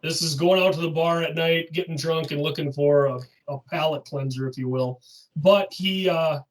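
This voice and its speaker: A man co-hosting a podcast in casual chat, walking through an album song by song and dropping quick agreeing words. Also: on the high side, fairly even intonation, distant mic, low-quality recording. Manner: walks through songs one by one, agreeable interjections. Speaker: podcast co-host.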